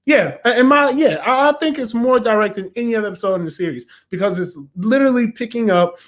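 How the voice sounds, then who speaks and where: High-voiced chatty male reviewer. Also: fast talker. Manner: chatty and animated, acts out quotes. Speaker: show host reviewing an episode. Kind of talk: casual video review.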